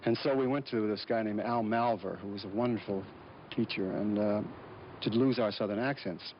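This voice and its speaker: A man with a fairly low voice tells stories as a guest, pausing often and restarting his sentences. He is from Georgia. The recording is dull and lo-fi, with a faint hiss of noise underneath. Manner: halting, with many fillers and restarts. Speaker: guest actor. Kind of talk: casual interview storytelling.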